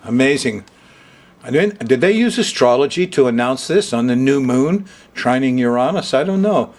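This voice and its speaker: A male astrology host talks straight to the viewer in a loose, chatty monologue. His voice sits at an ordinary middle pitch. He chuckles often and wanders off into side remarks. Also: expressive, moderate pace, darkish tone. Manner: chuckling, chatty, rambling asides. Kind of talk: casual monologue to camera. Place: Hawaii.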